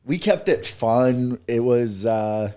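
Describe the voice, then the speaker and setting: A man's voice: medium pitch, takes it slowly. Casual young man telling stories. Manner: relaxed storytelling with quoted dialogue. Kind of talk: casual chat.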